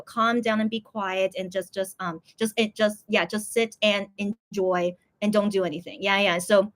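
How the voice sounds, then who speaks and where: A woman vlogger telling a story in casual chat, rambling with lots of fillers and squealing high when she quotes others. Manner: rambling, heavy use of "like" and "okay?", acts out others in high squeals.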